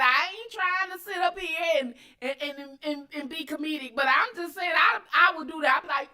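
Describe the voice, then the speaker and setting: A woman hosting her own channel, giving loud, cussing commentary on video clips and talking straight to her viewers. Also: high voice. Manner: animated, cussing, addresses viewers directly. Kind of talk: casual commentary while watching clips.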